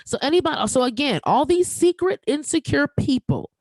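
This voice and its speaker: A woman's voice: sits high, animated, a little fast, darkish tone, dry recording, poor audio. Emphatic podcast host woman, dry close sound. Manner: emphatic, projecting, repeats herself, slangy. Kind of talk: solo podcast rant.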